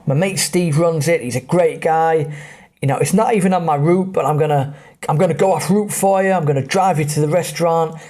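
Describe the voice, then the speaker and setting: A man doing an excitable, chatty bus driver. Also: a little high, fairly quick, pitched above the performer's own voice, lightly acted. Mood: enthusiastic. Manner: eager, generous, chatty.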